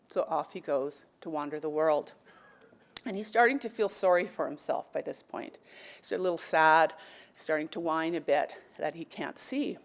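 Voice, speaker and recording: Speaking a little slowly in a low-pitched voice, a woman on an education panel first tells a traditional story with animation. She then shifts to thoughtful panel talk full of fillers.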